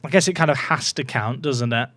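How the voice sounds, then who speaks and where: A man's voice: medium pitch, fairly quick, fairly bright tone, no room sound. A man casually commentating on his football management game, chatty and full of joking asides to his viewers. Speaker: gaming YouTuber.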